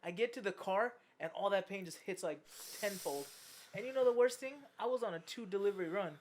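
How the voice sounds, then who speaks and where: A young adult podcast host at a middle pitch spins a long, profane story in relaxed chat. The delivery keeps breaking into laughter and grows loud and animated as the tale builds. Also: fairly quick, a little hiss or hum.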